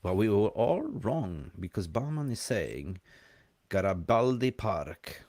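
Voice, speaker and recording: Male host, low voice, dry close sound, rambling casual chat. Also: sing-song, a little mellow, no room sound. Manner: chatty, rambling, quick to laugh. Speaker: live show host.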